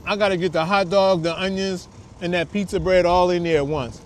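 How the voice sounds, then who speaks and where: A man's voice: sits high, steady tone, brisk. A man hosting a casual food review vlog, chatting to viewers in laid-back slang outdoors on a windy city street. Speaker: food vlogger host.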